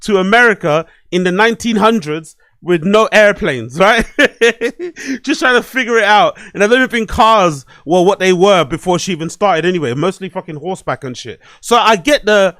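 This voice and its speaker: A man with a high voice hosts a solo commentary podcast, ranting at his desk microphone. He swears freely and repeats lines for emphasis. The sound is dry and close. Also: fairly quick, hardly any pauses, no room sound. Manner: animated, swearing, repetitive ranting. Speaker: podcast host. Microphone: desk microphone and webcam.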